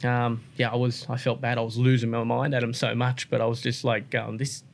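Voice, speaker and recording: A man's voice: medium pitch, level tone, a little fast, gravelly, slight background noise. An Australian man, a racer guest, telling his story in casual interview chat with lots of fillers and restarts. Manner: rambling, many fillers and restarts.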